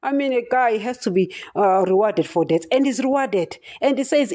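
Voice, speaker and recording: A woman's voice: fairly high pitch, lively intonation, normal speed, few pauses, dark tone. A woman preaching on a podcast, impassioned and emphatic, who keeps calling out to her listeners as "guys". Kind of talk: podcast sermon.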